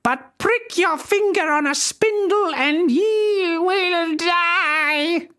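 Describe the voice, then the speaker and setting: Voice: high voice, very animated, drawn-out words, voice pushed up, full character voice. Griselda, a spiteful old fairy crone. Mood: screaming. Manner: cold, snarling, screeching. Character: spiteful old female fairy, bony and cold.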